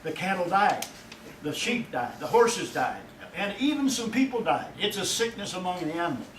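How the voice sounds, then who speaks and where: A male pastor preaching a sermon in a folksy way, his voice rising and loud whenever he quotes God. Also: high-pitched, expressive, a little fast, a little hiss or hum. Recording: echoey room from far off.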